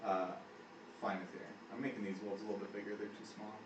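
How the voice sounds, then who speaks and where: A man's voice: fairly low pitch, level tone, fast. A man running a tabletop game as game master, laughing often and narrating with many fillers. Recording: roomy, distant mic, some noise.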